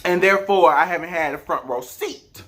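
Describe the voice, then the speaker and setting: Earnest, high-voiced male vlogger. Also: a little fast, pushed and bright. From South Mississippi, US. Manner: earnest, with rhetorical questions. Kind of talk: personal commentary.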